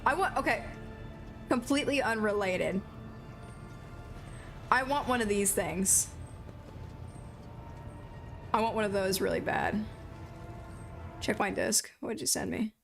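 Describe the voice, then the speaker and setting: A woman's voice: medium pitch, slow pace, vocal fry, long pauses, soft background music. A young woman streamer commenting casually on a video game, exasperated, profane and laughing. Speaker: gaming streamer. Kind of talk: casual let's-play commentary.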